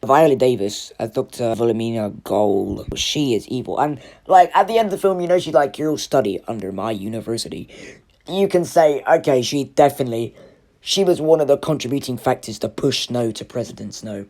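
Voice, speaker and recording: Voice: medium pitch, a little fast, darkish tone. A film reviewer giving a casual spoiler review, chatty and full of "like" and "you know.".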